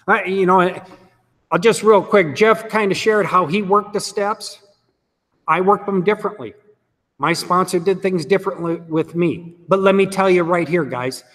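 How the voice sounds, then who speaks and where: A man's voice: fairly high pitch, fairly bright tone, big-room sound. A middle-aged man giving an earnest, conversational testimony at a recovery meeting, often saying "you know" and "let me tell you.". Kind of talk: personal testimony talk.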